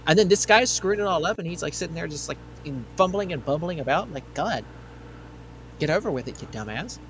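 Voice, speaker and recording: Brief: male co-host, mocking and sarcastic, animated pitch, faint noise behind. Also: a little fast. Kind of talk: casual commentary chat.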